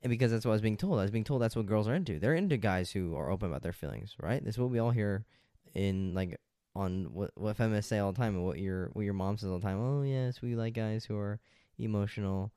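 A man's voice: fairly low pitch, fast, dark tone, dry recording, studio quality. A young man giving blunt dating advice in a casual monologue, lecturing with slang like "dude" and "like".

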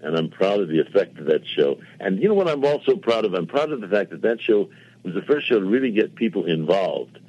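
A man's voice: deep voice, big pitch swings, a little fast, darkish tone, breathy edge. Older man telling anecdotes on dull radio audio. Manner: rambling anecdotes with quoted dialogue and self-mocking asides. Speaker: television producer, guest. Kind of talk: casual interview storytelling.

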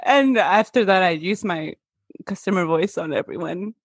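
A woman's voice: fairly low pitch, lively intonation, normal speed, husky, no echo, studio quality. A young woman co-hosting a podcast, chatting bluntly and laughing as she recaps a TV show. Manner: laughing, blunt, swears casually. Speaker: podcast co-host. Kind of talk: casual chat recapping a TV show.

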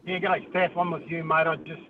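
Kiwi bloke calling talkback, a bit high-voiced, rambling, tinny phone line w faint hiss. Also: male voice, level tone, a little fast. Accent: New Zealand. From New Zealand. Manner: rambling, says "mate" often. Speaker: caller. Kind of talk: talkback call.

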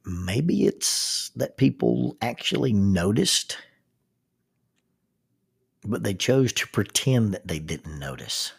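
A man's voice: fairly low pitch, very animated, takes it slowly, vocal fry, long pauses, husky. A man giving a reflective spoken talk, thoughtful, with frequent restarts and rhetorical questions.

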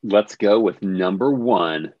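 A man's voice: on the low side, slow pace, no room sound, highs cut off. A man telling a funny story as a podcast guest in a laid-back, self-deprecating way. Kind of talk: casual storytelling.

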